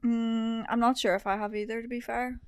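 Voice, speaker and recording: A woman's voice: a little high, level tone, fairly quick, clear, resonant tone, no room sound. Young woman chatting casual and frank, lots of giggles, dry sound. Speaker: podcast co-host. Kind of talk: casual chat.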